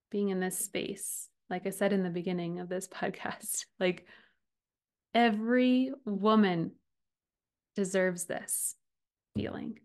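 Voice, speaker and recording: A woman in her thirties hosting a podcast, talking earnestly and from the heart about relationships, often with a soft laugh. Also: medium pitch, smooth. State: getting emotional. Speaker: podcast host and relationship coach. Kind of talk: personal podcast monologue.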